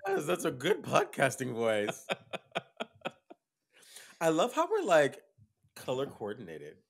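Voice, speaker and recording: A man's voice: mid-range voice, huge pitch swings, takes it slowly, gravelly, breathy edge. A man co-hosting a podcast, chatting casually in a playful, teasing way. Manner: playful, teasing, laughs a lot. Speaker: podcast co-host. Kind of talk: casual chat. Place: Melbourne, Australia.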